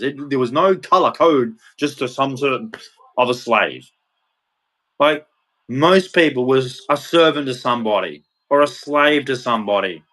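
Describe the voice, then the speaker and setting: A man's voice: fairly high pitch, a bit bright. An Australian man in his thirties ranting bluntly and heatedly in a casual monologue, swearing freely. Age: 30s. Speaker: vlogger.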